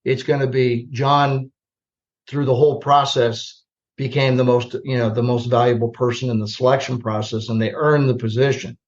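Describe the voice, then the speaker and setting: An older man from the US Midwest, a retired army general telling anecdotes as a podcast guest, plainspoken and lively when he acts out remembered exchanges. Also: medium pitch, normal speed, highs cut off. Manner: plainspoken, animated storyteller who acts out remembered dialogue. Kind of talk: conversational storytelling on a podcast.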